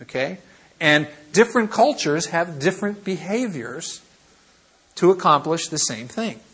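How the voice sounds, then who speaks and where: A husky-voiced American man teaches a class, his voice sitting slightly high for a man. He talks in a playful, animated way, acting out little scenes to make his points. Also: unhurried. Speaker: missions lecturer. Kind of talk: classroom lecture.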